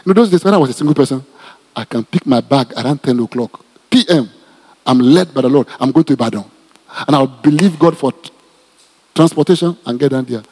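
Husky Nigerian pastor in an echoing hall. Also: male voice, medium pitch, a little fast. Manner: animated, repetitive, joking asides to the congregation. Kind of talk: teaching sermon, Bible study.

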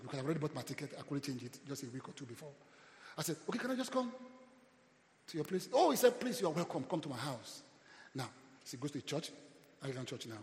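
A man with a Nigerian accent preaching a sermon as a pastor, with call-and-response and loud rising swells. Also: medium pitch, reverberant, in a large hall, slight background noise.

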